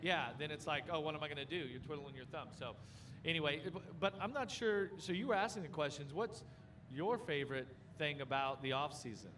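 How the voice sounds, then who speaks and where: A man's voice: fairly high pitch, lively intonation, normal speed, hardly any pauses, a little hiss or hum. A man co-hosting a live show, rambling and joking in casual chat. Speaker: co-host.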